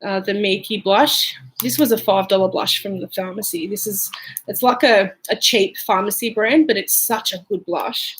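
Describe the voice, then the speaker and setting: A woman's voice: mid-range voice, moderate pace, poor audio. A woman with an Australian accent, chatting casually and rambling through her makeup routine at home, with plenty of "um" and "like". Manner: chatty and rambling, lots of fillers. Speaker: beauty vlogger.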